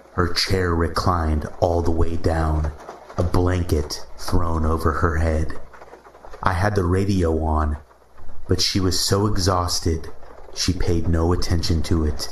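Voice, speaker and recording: A man narrating a first-person story in a measured, steady reading. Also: low voice. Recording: roomy echo, faint hiss.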